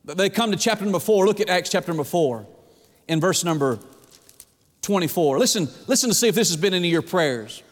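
High-voiced preacher in a reverberant church. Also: male voice, fast. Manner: animated preaching, dramatizing quoted prayers. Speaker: pastor. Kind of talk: sermon.

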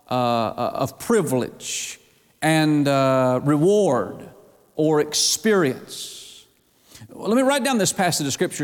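A man's voice: fairly high pitch, long reverb tail. A man preaching a sermon to his congregation, emphatic and firing rhetorical questions at them.

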